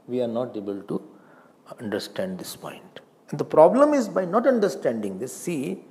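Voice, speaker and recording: Gravelly Indian man giving a lively discourse. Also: a little high. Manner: lively, acts out questions and answers with a student; mixes in Hindi and Sanskrit verses. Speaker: swami teaching scripture. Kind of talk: spiritual discourse.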